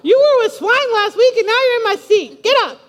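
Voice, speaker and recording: A woman's voice: extremely high pitch, moderate pace, a crowd in the background. A woman preacher voicing a sarcastic, indignant churchgoer who scorns a returning sinner. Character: judgmental, indignant churchgoer, adult. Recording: long reverb of a large hall.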